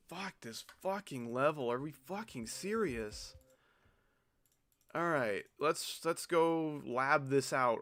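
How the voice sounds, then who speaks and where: A man commenting on his own gameplay, venting in swearing, disbelieving questions. His voice jumps from high, loud outbursts down to low, quiet grumbles. He talks at an unhurried pace even while upset. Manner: exasperated, swearing, incredulous questions. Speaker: gaming streamer. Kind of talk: frustrated live gameplay commentary.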